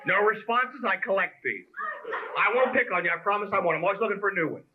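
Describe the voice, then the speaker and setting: Stand-up comic, man from Pennsylvania, high and animated, lo-fi club recording. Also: fast talker, a little hiss or hum. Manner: conversational, teasing the crowd, punchy delivery. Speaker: stand-up comedian. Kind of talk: stand-up comedy set. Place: comedy club stage. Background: audience laughter.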